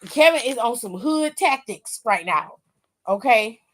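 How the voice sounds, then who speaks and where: High-pitched young woman recapping a show, super animated, acts out everybody's lines. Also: measured pace. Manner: lively storyteller, acts out quotes, slangy. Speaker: wrestling show recap host.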